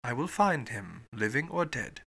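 A man reading an audiobook voices a calm, resolute English gentleman traveller, quiet, cold and measured. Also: medium pitch, heavily acted. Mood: quiet resolve. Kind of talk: audiobook character voice.

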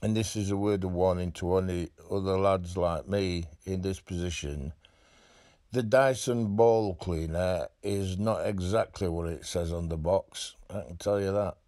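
A man's voice: low voice, fairly even intonation, measured pace, a little mellow. A man voicing a lonely animal lad who talks in a hesitant, stammering, self-deprecating way with a Yorkshire accent. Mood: sheepish. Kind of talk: comic animal voice-over.

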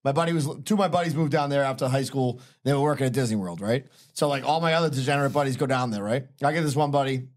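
Man, mid-pitched voice, quick talker, rambling anecdotes, casual podcast chat. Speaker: podcast co-host.

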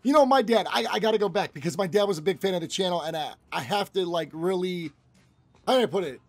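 A man's voice: sits high, fast talker. A man giving casual let's-play commentary as a gaming channel host, rambling, repeating himself and swearing freely.

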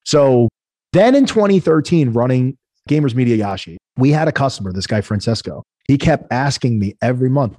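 A man from the United States, a guest entrepreneur telling stories in a casual interview, animated and laughing as he acts out quotes. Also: mid-range voice, brisk, husky, dry recording, clean studio sound.

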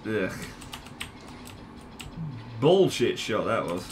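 A young man giving casual gameplay commentary, unhurried, swearing and laughing at his own plays. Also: on the low side, very animated, a little hiss or hum. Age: young adult. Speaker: gaming channel host.

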